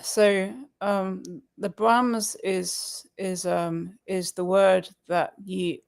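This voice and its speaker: A man's voice: high voice, level tone, drawn-out words, creaky, clear, resonant tone, no echo. A man from Suffolk with a Suffolk English accent, co-hosting a casual livestream chat and patiently explaining things with frequent laughs. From Suffolk, England. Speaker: livestream co-host.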